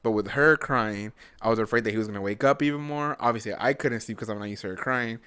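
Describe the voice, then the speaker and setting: A male podcast host telling a story in casual chat, animated and full of swearing, acting out what people said. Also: fairly low pitch, fast, clear, resonant tone. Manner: animated, profane storytelling that acts out his own and others' lines.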